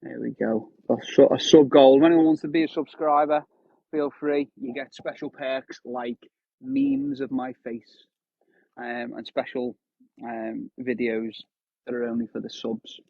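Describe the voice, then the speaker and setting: A man's voice: medium pitch, fairly even intonation, normal speed, gravelly, no echo. A man, in his thirties, chatting casually to viewers during a live stream while fishing outdoors. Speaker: fishing livestreamer. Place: outdoors on a windy shore. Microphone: phone live stream. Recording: dry tinny phone audio.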